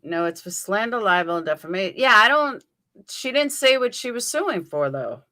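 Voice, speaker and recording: Lively and sharp, a New York–accented woman's medium-pitched voice moves at normal speed as she hosts a livestream. She chats casually, reads out viewers' names while answering their comments, and thinks out loud.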